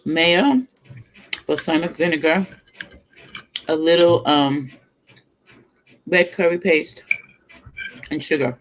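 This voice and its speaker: Between bites on a livestream, a middle-aged cooking vlogger murmurs over the food and chats casually, often laughing and telling stories. The voice sits at medium pitch and is slow, with long pauses.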